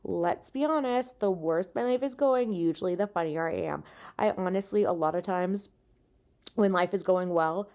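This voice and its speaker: With a fairly low, mellow voice at normal speed, an exhausted woman vents frankly and profanely in her casual solo podcast, poking fun at herself. The comedian-host is lying in bed and recording on a makeshift mic rather than a real podcast one.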